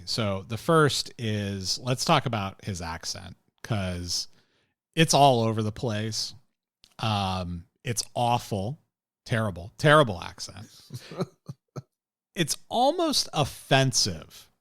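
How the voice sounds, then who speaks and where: A man's voice: on the low side, expressive, slow, a bit bright, no echo, studio quality. A man co-hosting a podcast, recapping a TV episode in casual chat, rambling and opinionated with lots of fillers and chuckles. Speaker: podcast co-host.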